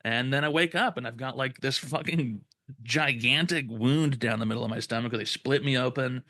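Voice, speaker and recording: A man's voice: mid-range voice, moderate pace, dry recording. Profane young man telling a story. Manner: profane, animated retelling with quoted voices. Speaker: podcast co-host. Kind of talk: casual storytelling.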